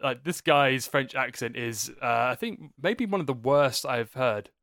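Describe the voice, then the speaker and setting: Sarcastic guy picking apart a movie, bright voice, dead dry sound. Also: mid-range voice, no echo. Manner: dry sarcastic, halting with fillers. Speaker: podcast co-host. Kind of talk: casual film review chat.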